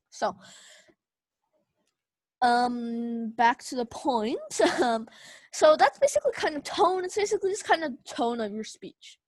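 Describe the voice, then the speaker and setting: High-voiced young woman teaching speech. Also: no echo. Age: young adult. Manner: casual, many fillers like "kind of" and "um". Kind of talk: online class lecture.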